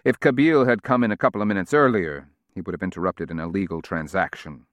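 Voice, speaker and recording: A man reading a novel aloud in a measured, steady audiobook narration. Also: low-pitched, dry recording.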